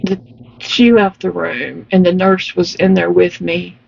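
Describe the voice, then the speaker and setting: A woman's voice: fairly low pitch, little pitch movement, measured pace, gravelly, a little mellow, highs cut off, slight background noise. A woman chatting casually while crocheting, telling her story emphatically and laughing often. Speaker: vlogger.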